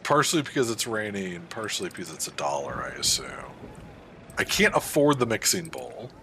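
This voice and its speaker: A man's voice: fairly low pitch, a little fast, slight background noise. A man streaming a game from his desk at home, chatting casually and answering viewers as he plays. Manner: chatty, reads and answers chat, animated. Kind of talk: casual game livestream chat. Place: home room at a standing desk. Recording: faint music behind the voice.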